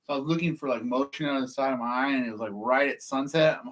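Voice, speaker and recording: A man's voice: medium pitch, fast talker. A man from California, rambling through a casual story to the camera, swearing often and laughing at himself. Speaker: process server vlogger.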